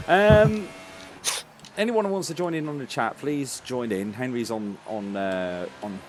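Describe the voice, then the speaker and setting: A man hosting a casual podcast chat, relaxed and laughing, calling out in-game action as he talks. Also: medium pitch, measured pace, slight background noise. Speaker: podcast host.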